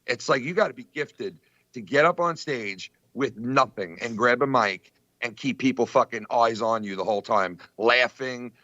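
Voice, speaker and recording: A man chatting casually on a podcast, telling stories in an excitable, profane way with lots of fillers. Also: medium pitch, normal speed, no echo, dull audio. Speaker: podcast co-host. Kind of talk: casual chat.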